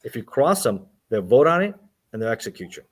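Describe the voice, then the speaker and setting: A man's voice: mid-range voice, very animated, a little fast, husky. A man hosting a casual interview who mostly gives short, sympathetic replies. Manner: brief, sympathetic reactions.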